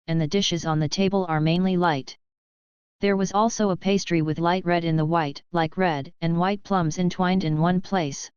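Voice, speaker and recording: A woman narrating an audiobook novel in a steady, unhurried reading voice. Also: on the low side, smooth, no echo, muffled recording.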